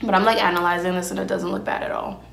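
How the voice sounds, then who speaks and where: A woman's voice: lowish voice, steady tone, fast talker, vocal fry, fairly bright tone. A young adult woman hosting a podcast on her own, telling stories in a brash, profane, casual way and eating as she talks, recorded on a phone. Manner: brash, profane storytelling, eats while talking. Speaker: podcast host. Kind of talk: casual solo podcast chat. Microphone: phone camera with ring light. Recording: roomy echo.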